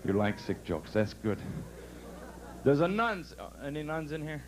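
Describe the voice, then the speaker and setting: A man doing a brash, punchy stand-up comedy set at a resort club, telling jokes and bursting into loud outbursts. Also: a little high, very animated, normal speed, over a noisy crowd, heavy background noise. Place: resort club stage before a live audience.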